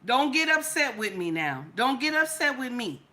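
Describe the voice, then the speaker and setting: A woman's voice: high-pitched, sing-song, normal speed, pushed and bright. A young woman hosting a casual live-stream talk show, sassy and chatty, calling her viewers baby and honey. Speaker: podcast host.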